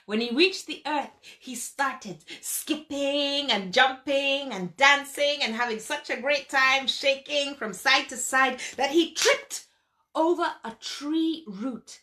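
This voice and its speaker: A woman storyteller narrating a folk tale in an animated way, with sound effects and vivid emphasis. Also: high voice, slow.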